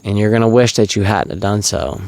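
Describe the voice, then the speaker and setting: A man's voice: fairly low pitch, fairly even intonation, fairly quick, gravelly, darkish tone. A man in his thirties from South Carolina, talking casually and earnestly to his viewers, with lots of uhs and you-knows. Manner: rambling, earnest, filler-heavy. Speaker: recovery vlogger. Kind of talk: casual monologue to camera.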